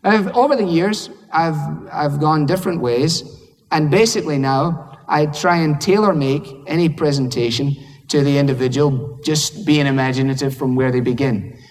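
A man's voice: fairly high pitch, moderate pace. Scottish man preaching in a reverberant hall. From Scotland. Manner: conversational, humorous, acts out dialogues. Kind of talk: sermon.

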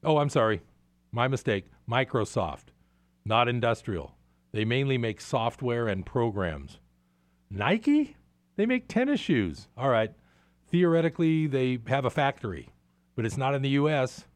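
A man with a middle-pitched voice delivers exasperated, sarcastic commentary as a show host. The sound is dry and close, with no room around it. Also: expressive, moderate pace, no echo. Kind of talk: opinionated market commentary.

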